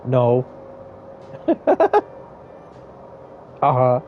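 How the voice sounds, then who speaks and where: Offering relaxed let's-play commentary, a male gaming streamer wanders into crude jokes and stories as he plays. His mid-range voice swings hugely in pitch and draws out words, over dull audio with faint music in the background.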